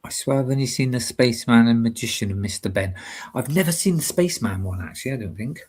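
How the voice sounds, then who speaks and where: A man's voice: medium pitch, lively intonation, quick pace, darkish tone, slightly rough. A middle-aged man co-hosting a casual online stream, chatty and reminiscing, laughing easily. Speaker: co-host. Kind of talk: casual live-stream chat.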